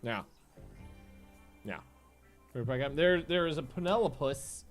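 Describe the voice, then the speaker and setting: A man streaming a game and chatting casually, rambling, swearing and getting excitable. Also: a little high, moderate pace, faint music behind. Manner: rambling, profane and excitable, often laughing. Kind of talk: casual chat while livestreaming a game.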